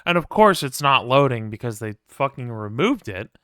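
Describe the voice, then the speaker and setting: A man's voice: medium pitch, sing-song, normal speed, a bit bright, clear, resonant tone, no room sound, clean studio sound. A man streaming a game, chatting casually and ranting with plenty of profanity and wry asides. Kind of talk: casual gameplay commentary.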